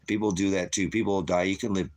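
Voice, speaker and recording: A man's voice: sits low, level tone, quick pace, darkish tone. A middle-aged man hosting his own channel, delivering a profane, combative, rambling rant at his viewers. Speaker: channel host. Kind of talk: ranting monologue to viewers.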